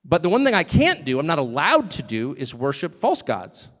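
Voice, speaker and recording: A man's voice: fairly high pitch, wildly swooping pitch, normal speed, a bit bright. Male speaker, live speech, emphatic and wry, long hall reverb. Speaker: speaker at a public event.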